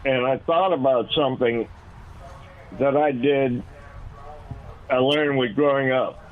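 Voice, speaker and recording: Slow male caller on a tinny phone line. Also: medium pitch, steady tone. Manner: unhurried, rambling, self-correcting. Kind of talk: call-in radio chat.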